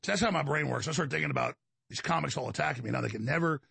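A man's voice: a little high, very fast, creaky, sharp tone, breathy edge, no echo. A man with a Texan accent hosting a talk show, delivering a combative, rambling monologue to his listeners. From Texas. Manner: combative, digressive, addresses listeners as folks.

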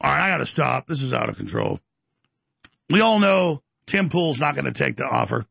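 Gravelly, bombastic older male host. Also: mid-range voice, huge pitch swings, moderate pace, pushed and bright, no echo. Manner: bombastic, taunting, challenging. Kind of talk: heated on-air rant.

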